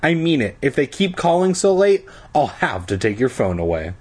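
A man voicing a stern, sleepy father scolding his son, in a sharp, scolding manner. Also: mid-range voice, very animated, moderate pace, husky.

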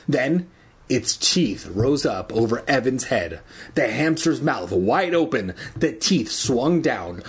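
A man's voice: mid-range voice, slightly rough. A man reading a children's book aloud casually, adding joking asides and laughing at his own slips. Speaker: reader.

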